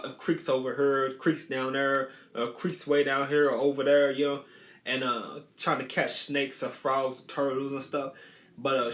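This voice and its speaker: Casual storyteller, male, mid-pitched, loops back over his words, echoey room. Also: a bit bright. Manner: rambling, repeats phrases, many restarts. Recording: roomy echo.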